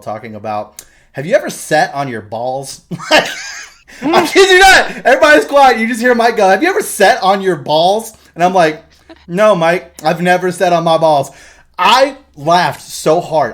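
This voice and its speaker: A young man co-hosting a podcast, telling a story with lots of laughter and swearing. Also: mid-range voice. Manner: animated storytelling, laughs often, swears a lot. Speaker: podcast co-host. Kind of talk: casual podcast chat.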